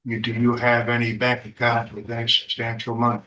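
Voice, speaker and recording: A man defending a client in court, questioning him in a halting way and repeating himself. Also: medium pitch, completely flat delivery, bright, forceful tone, a little hiss or hum, low-quality recording. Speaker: defense attorney.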